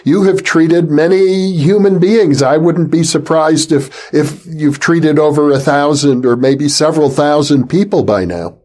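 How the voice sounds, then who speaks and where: Calm male interview host. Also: on the high side, measured pace, few pauses. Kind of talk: interview questions.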